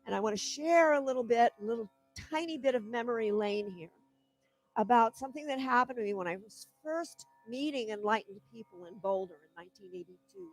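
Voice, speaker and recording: A woman's voice: fairly high pitch, fairly quick, faint music behind, rough recording. A woman giving a spiritual talk, telling a personal story in an earnest, heartfelt way. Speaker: guest speaker.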